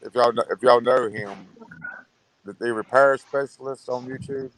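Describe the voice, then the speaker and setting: A man who stumbles and repeats his words as he explains something. His voice sits in an ordinary middle pitch. He talks in a plain, casual way. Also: moderate pace, a bit bright, low-quality recording. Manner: hesitant, stammers, repeats words. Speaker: guest in chat. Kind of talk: casual chat.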